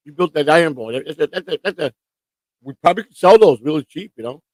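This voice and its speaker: A man's voice: on the high side, expressive, fast, darkish tone, dry recording, low-quality recording. A man from Chicago co-hosting a casual live stream, rambling, repeating himself and trailing off. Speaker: co-host.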